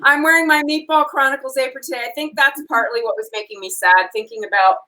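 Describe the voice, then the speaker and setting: A woman co-hosting a casual cooking show from her home kitchen over a video call, chatty and quick to giggle as she narrates each step. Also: high-pitched, sharp tone, low-quality recording. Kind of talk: casual chat while cooking.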